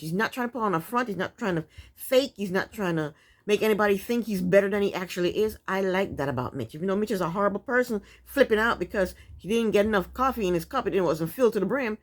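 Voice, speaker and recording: A woman's voice: mid-range voice, quick pace. A woman giving a casual, opinionated TV recap, blunt and sassy, with chatty asides. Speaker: TV recap vlogger.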